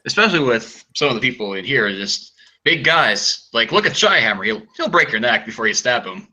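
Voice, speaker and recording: A man's voice: medium pitch, sing-song, fairly quick, bright, forceful tone, poor audio. A man in a casual group chat, joking around.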